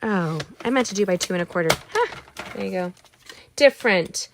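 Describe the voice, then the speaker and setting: A woman's voice: mid-range voice, animated, brisk, very noisy. Woman, middle-aged, card-making livestream host, bubbly, rambling, chatty with viewers, little gasps and noises, a bit tired. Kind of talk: chatty live crafting tutorial.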